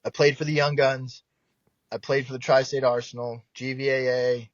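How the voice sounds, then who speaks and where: A young man from South Jersey, a baseball pitcher guest, telling stories in a lively, profane way and acting out quoted voices. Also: moderate pace, no room sound. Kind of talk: casual storytelling. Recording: dull dry podcast mic.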